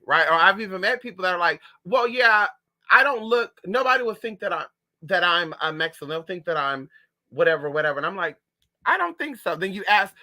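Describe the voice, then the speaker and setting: Man, sassy livestream host, lively pitch, very bright tone. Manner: sassy, animated, calls viewers honey and girl. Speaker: livestream host reading chat. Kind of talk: casual chat.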